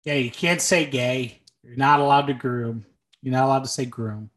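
Co-hosting a laid-back sports and movie podcast, a young man mixes thoughtful points with dry sarcasm, frequently saying um and uh. He speaks at a medium pitch and moderate pace, in a steady, slightly bright tone.

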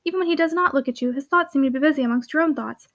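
A woman's voice: sits high, dry recording. Shirley, a woman reading as a bold teasing heiress. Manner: lively, playful, quick exclamations. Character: bold witty young heiress, teasing and commanding.

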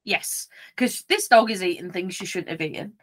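A woman co-hosting a podcast, telling a story in lively casual chat, acting out voices, laughing and swearing. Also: on the low side, moderate pace. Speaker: podcast co-host.

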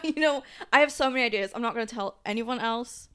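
A woman's voice: fairly high pitch, fast talker, fairly bright tone, clear, resonant tone. A young woman co-hosting a podcast, chatting casually and telling a rambling story with lots of giggles and fillers. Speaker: podcast co-host. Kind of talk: casual chat.

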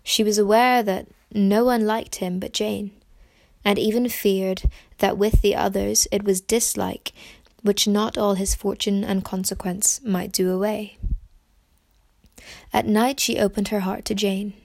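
A woman reading a novel aloud as an audiobook narrator, in measured, clear storytelling. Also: mid-range voice, flat delivery, a little mellow. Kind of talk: scripted narration.

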